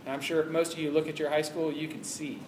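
A man with a notably high voice preaches to a youth audience, emphatic and conversational, leaning on repeated rhetorical checks. He sounds like he's in an echoey room, with a faint hum of noise behind him. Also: flat delivery, fast. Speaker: youth ministry speaker. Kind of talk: sermon.

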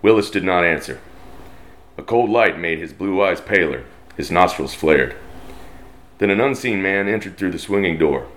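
Deep-voiced Texan man reading a western. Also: expressive, fairly bright tone. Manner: slow, drawling twang, puts on brief voices for characters. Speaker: storyteller. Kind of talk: reading a western story aloud.

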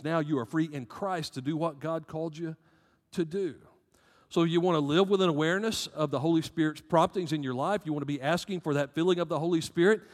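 A man's voice: on the high side, big-room sound. A man with a Southern American accent preaching a sermon as pastor, emphatic, rising and dropping in volume.

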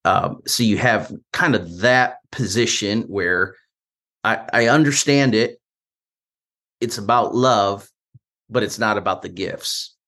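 A man's voice: lowish voice, slow pace, pushed and bright. A man hosting a podcast interview, asking questions in a conversational, hesitant way with many fillers. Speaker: podcast host. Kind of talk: casual interview chat.

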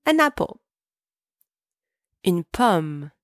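A woman teaching a podcast French lesson, pronouncing each word slowly and clearly so listeners can repeat after her. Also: lowish voice, big pitch swings, no echo, studio quality. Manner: clear, slow, deliberate pronunciation for repeating. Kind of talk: podcast language lesson with repetition drills.

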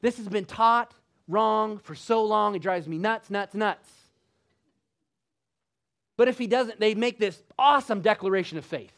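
A man preaching a sermon emphatically, asking the congregation rhetorical questions and rising to loud bursts. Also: sits high, moderate pace.

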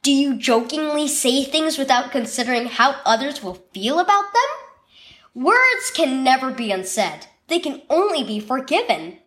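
A woman narrating a scripted children's devotional story with expressive storytelling. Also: sits high, normal speed.

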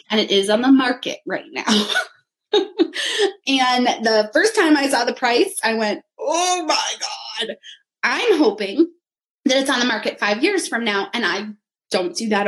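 A woman in her thirties speaks in a relaxed, chatty how-to style, moving item by item as a coach would. Her voice sits a little on the high side and stays upbeat throughout. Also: rough recording. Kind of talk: casual how-to talk showing a vision board.

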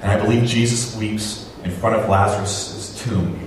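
A man's voice: fairly low pitch, steady tone, moderate pace, few pauses, slight background noise. A man preaching a sermon as pastor, talking with the congregation through rhetorical questions. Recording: echoey hall, voice from far off.

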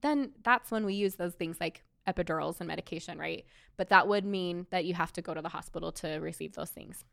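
A woman's voice: lowish voice, a little fast, vocal fry, fairly bright tone, no echo, clean studio sound. A woman in her thirties who works as a doula, talking earnestly and personally in a chatty way with many fillers. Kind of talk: casual talk about birth.

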